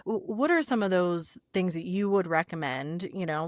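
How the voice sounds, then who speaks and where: A woman hosts a podcast in a fairly low voice. She asks long, rambling questions full of fillers. The sound is dry and close. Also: animated, normal speed, dry recording. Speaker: podcast host. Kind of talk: casual interview chat.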